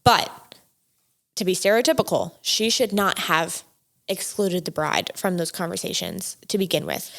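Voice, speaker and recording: A woman's voice: lowish voice, moderate pace, gravelly. A woman hosting a podcast in casual chat, giving her opinions frankly. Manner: frank, gives opinions directly. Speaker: podcast host.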